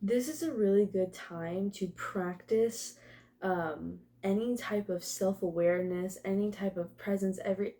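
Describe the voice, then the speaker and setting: A woman's voice: on the low side, creaky, dark tone. A young woman doing a casual tarot and oracle card reading, emotional, laughing often and swearing now and then. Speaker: tarot reader.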